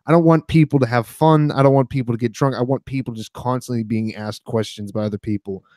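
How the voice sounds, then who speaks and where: A man's voice: mid-range voice, fairly even intonation, fast, darkish tone, no echo, studio quality. A man co-hosting a casual podcast, joking and sarcastic, rambling with fillers. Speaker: podcast co-host.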